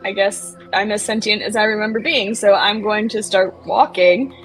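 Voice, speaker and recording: A woman playing a tabletop role-playing game, talking with hesitant pauses and laughing asides. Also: medium pitch, steady tone, faint music behind, rough recording. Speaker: player. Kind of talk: tabletop role-play chat.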